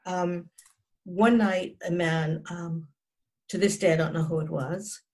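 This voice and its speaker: A woman's voice: fairly low pitch, fairly even intonation, a little slow, a little mellow. A woman in her sixties, a psychotherapist, telling a personal story as an interview guest in an earnest, emphatic way, often restarting and dropping her voice at grim moments.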